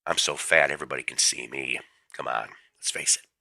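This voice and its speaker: Very deep, forceful man with a cold. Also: brisk, gravelly, dry recording. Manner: rambling storyteller, jokey asides. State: fighting a cold. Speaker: livestream host. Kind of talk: casual rambling chat. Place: home room with his cat.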